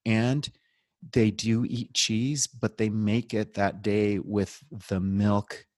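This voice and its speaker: In a slow, lowish voice, a documentary filmmaker tells stories as a guest on a podcast in a laid-back interview. He animatedly acts out quotes, joking and laughing along the way. The recording is studio quality with no echo.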